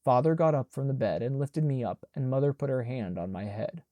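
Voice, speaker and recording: A man reads an audiobook in a measured, unhurried way. His voice is mellow and warm, recorded close and dry with no room sound. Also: medium pitch, no room sound. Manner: measured, plain, even. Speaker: audiobook narrator. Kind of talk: scripted narration.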